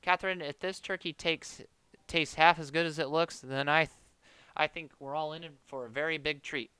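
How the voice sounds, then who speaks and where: A man's voice: fairly high pitch, steady tone, moderate pace, sharp tone, clean tone, no room sound. A man voicing a hapless, cheerful suburban father in a comedic parody dub, earnest and rambling.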